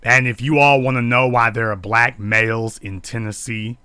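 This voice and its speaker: A man delivers an indignant, preachy live-stream commentary, circling back to the same rhetorical questions again and again. His voice is bright and forceful at a middling pitch. It is recorded close and dry, with almost no room sound. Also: little pitch movement, normal speed, hardly any pauses, smooth, dry recording. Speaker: online commentator.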